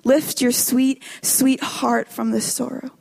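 A woman performing a spoken word poem with a slow, dramatic and intense delivery. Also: high-pitched, flat delivery, gravelly, a little mellow. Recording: long hall reverb.

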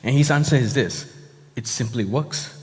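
A man's voice: mid-range voice, normal speed. A man pastor preaching a sermon in a conversational, explanatory way, heard in a church hall. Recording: long reverb of a hall.

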